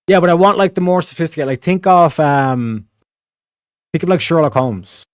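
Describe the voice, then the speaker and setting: A man's voice: a little high, animated, normal speed, no room sound. Chatty young man livestreaming, dry sound. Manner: rambling, full of filler phrases and slang. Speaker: livestream host reading donations. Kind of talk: casual livestream chat.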